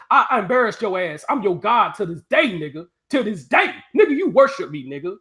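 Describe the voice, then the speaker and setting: Lively, taunting man ranting. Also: sits high, fairly quick, few pauses. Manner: profane, taunting rant at a viewer. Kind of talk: casual live-stream talk.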